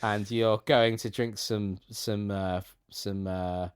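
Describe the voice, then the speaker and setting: Male co-host, lower voice, chatty and meandering, on a call. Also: fairly even intonation, takes it slowly, smooth, no room sound, clean studio sound. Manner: rambling, jokey tangents with many restarts. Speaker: podcast co-host. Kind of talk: casual chat. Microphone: remote call.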